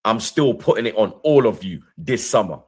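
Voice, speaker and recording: Deep husky man boasting. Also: lively intonation, moderate pace, darkish tone. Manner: boastful, defiant trash talk. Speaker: reaction channel co-host. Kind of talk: casual football banter.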